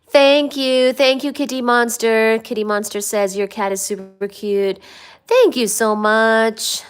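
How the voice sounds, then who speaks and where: A woman chatting casually on a home live stream, greeting viewers and reading their comments aloud. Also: clean tone. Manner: reads viewer comments aloud, coos to her cats in a high baby voice. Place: home, upstairs room.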